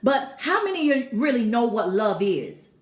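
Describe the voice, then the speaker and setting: A woman's voice: fairly high pitch, big pitch swings, normal speed, reverberant. A woman hosting a live-stream talk show, coaxing viewers to answer and repeating her questions as she reads their comments. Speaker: host.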